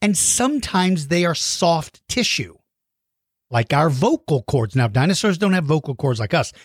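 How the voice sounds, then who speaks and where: A man's voice: fairly high pitch, sing-song, moderate pace, slightly rough, dry recording, studio quality. A man hosting a question show, explaining in a playful, teacherly way for young viewers on his own microphone. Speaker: host answering viewer questions about dinosaurs. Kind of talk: lively kid-friendly explaining.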